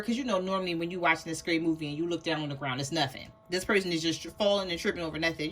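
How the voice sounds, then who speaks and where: A woman's voice: fairly low pitch, fast, a bit bright. A woman giving a casual tarot reading to her viewers, chatty, laughing often and acting out what people might say. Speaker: tarot reader.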